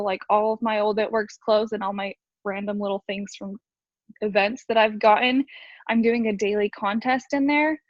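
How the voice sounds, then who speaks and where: A woman talks quickly on a video call, tumbling through her ideas with plenty of fillers as she shares sales tips with her team. The sound is dull and muffled, with no room around it. Her voice sits at a middling pitch. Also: no echo. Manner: rambling, fast, filler-heavy. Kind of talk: casual video call talk.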